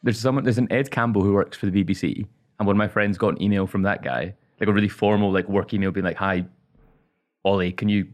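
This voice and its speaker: Dry, deadpan man with a low voice. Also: fast, hardly any pauses. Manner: dry, storytelling, deadpan jokes. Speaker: podcast co-host. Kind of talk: casual banter.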